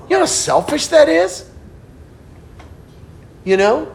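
A middle-aged man preaching a sermon as pastor, telling stories and swinging between hushed, low passages and animated outbursts. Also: normal speed.

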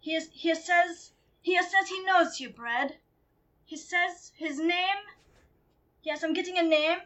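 A woman's voice: very high voice, fairly bright tone, heavily acted. A woman playing a hammy old psychic. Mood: mystical. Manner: hammy, slow, mystical pronouncements. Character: old Italian woman psychic medium, theatrical. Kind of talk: improv comedy podcast.

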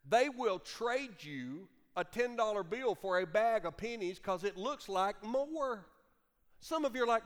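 A male preacher with a fairly high, lively voice that climbs and dips constantly, giving an animated, humorous sermon. His words ring out through a church sanctuary with a long hall echo. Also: moderate pace. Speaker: pastor. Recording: long reverb of a large hall.

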